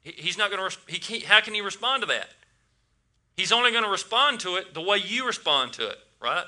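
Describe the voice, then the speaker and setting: A man's voice: high-pitched, very animated, a little fast, bright, forceful tone. A man preaching a casual sermon to a congregation, asking them questions and often repeating his words.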